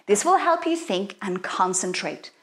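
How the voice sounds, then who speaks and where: A woman leading a playful children's activity, guiding young listeners through chants and spells in an animated, sing-song way. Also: mid-range voice, a little slow. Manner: animated, sing-song, exaggerated sounds for kids. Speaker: children's workshop leader.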